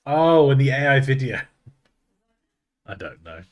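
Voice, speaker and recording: Male streamer, mid-pitched, playful and self-deprecating, swings up and down a lot as he chats at his home desk. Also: big pitch swings, measured pace. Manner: joking and self-mocking, laughs often. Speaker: streamer and design tutor. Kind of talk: casual live-stream chat.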